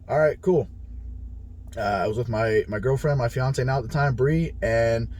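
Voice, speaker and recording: A man's voice: mid-range voice, moderate pace, a little mellow, a little hiss or hum. Blunt, profane man telling a story. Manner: blunt and heavily profane, retells conversations. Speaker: powerlifter sharing his experience. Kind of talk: casual storytelling monologue.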